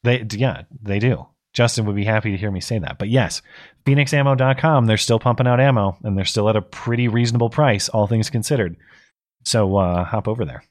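A man's voice: fairly low pitch, brisk. Tired-voiced man reading viewer messages. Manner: thinking aloud with restarts and stumbles. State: tired, voice going. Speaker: co-host. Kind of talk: casual political talk, reading viewer messages.

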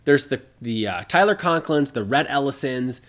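A man's voice: mid-range voice, animated, normal speed, fairly bright tone. A man co-hosting a podcast, talking casually about sports with a lot of fillers and restarts. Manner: rambling, conversational, many fillers. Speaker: podcast co-host.

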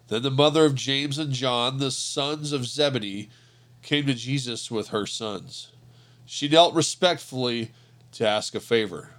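A man reading a Bible passage aloud in a measured, earnest narrating voice. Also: medium pitch, a bit bright. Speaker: scripture reader. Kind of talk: scripture reading.

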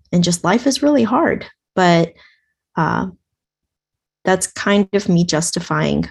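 Gravelly-voiced woman sharing in a group. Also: fairly low pitch, darkish tone. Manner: rambling, filler-heavy, self-questioning. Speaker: Bible study participant. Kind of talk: casual personal sharing.

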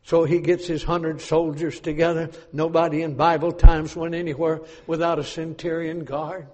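A man preaching a sermon in a church, swinging between forceful declarations and hushed asides. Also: a little high, little pitch movement, normal speed, few pauses, long reverb tail.

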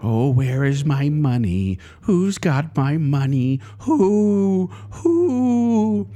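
A man voicing the wailing, blind ghost of a dead woman, crying out with high moaning calls. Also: very animated, extremely slow, mellow, soft background music, exaggerated voice.

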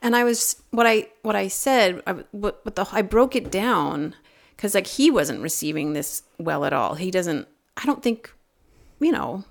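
A woman in her forties telling a personal story in casual podcast chat, rambling and animated, laughing often. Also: mid-range voice, a little slow, vocal fry. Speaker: podcast regular.

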